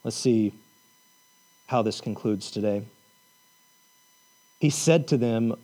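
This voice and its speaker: A man preaching a sermon, repeating lines for emphasis and telling the story with animated energy. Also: mid-range voice, takes it slowly, long pauses, low-quality recording. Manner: repetitive, emphatic preaching with rising intensity. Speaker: pastor.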